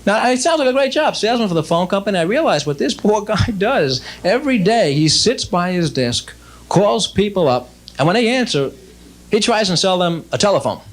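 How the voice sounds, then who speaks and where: A young man doing a stand-up routine on stage, chatty, with quick asides and frequent self-interruptions. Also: high-pitched, big pitch swings. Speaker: stand-up comedian. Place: stage before a laughing audience.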